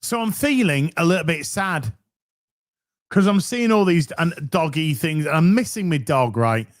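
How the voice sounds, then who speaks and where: A man's voice: on the high side, expressive, normal speed. A man hosting a live stream who chats casually to his viewers, swearing freely and often restarting his phrases. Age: middle-aged. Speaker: livestream host.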